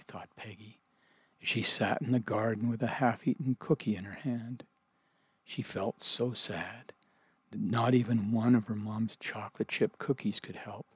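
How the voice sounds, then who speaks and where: A man reading a children's story aloud as narrator, in gentle, measured storytelling. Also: mid-range voice, breathy edge, dry recording.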